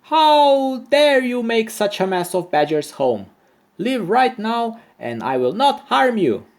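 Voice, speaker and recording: A man voicing a tiny, brave and clever ant in a children's storybook, with a high, squeaky voice. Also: wildly swooping pitch, a little slow, heavily acted. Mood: bold.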